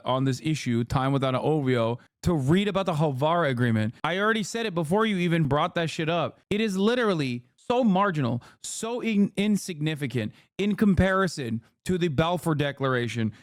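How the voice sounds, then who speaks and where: A man's voice: on the high side, smooth, no room sound, clean studio sound. Profane, riffing male streamer. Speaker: streamer host. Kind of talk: reaction commentary.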